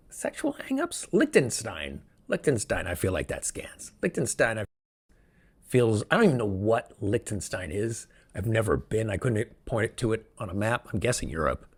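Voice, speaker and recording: A man hosting a solo podcast, talking in an excitable, rambling, jokey way from a room where he records alone. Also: on the low side, breathy edge. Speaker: podcast host. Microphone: podcast microphone, also filmed.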